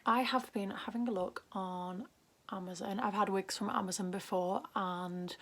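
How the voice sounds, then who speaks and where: A young beauty vlogger from Northern England chats casually while doing her makeup, her voice medium-pitched and steady at a moderate pace. She rambles, slips often into soft half-whispers and raises her pitch at sentence ends.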